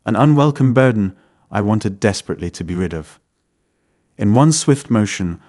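A man narrating a dramatic first-person story in a measured, scripted delivery. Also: lowish voice, darkish tone.

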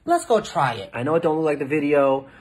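A woman comedian cooking in her home kitchen, giving loud, exclaiming, profane running commentary. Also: low-pitched, big pitch swings, fast, heavy background noise.

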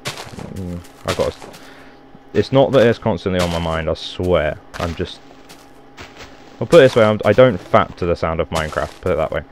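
A man's voice: low voice, normal speed, slight background noise. A man giving casual, rambling gameplay commentary, joking and swearing as he plays. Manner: rambling, jokey, swears and exclaims. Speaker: Minecraft let's player.

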